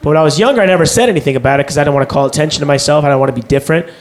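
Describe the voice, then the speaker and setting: A man's voice: on the high side, very fast. A young man doing a rambling, profane, self-deprecating stand-up set on a comedy stage. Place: comedy stage before a live audience. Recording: live club recording with loud crowd noise.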